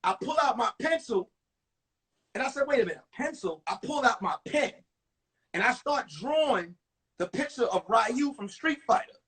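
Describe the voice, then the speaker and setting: A comedian from New York doing a one-man show, telling comic stories and acting out the characters in an animated way. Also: very high voice, normal speed, slightly rough, distant mic, rough recording. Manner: animated, acts out every character.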